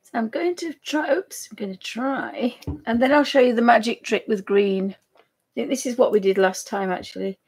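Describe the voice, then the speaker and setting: Chatty art streamer, woman, husky and slightly high-pitched, easily amused. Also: moderate pace, darkish tone. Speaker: art demonstrator. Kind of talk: live painting tutorial stream.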